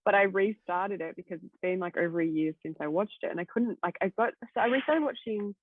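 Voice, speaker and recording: A woman's voice: medium pitch, fairly quick, no echo. A woman guest chatting casually on a podcast, rambling with lots of "like" fillers and casual swearing. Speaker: guest co-host. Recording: tinny phone-like line, dry.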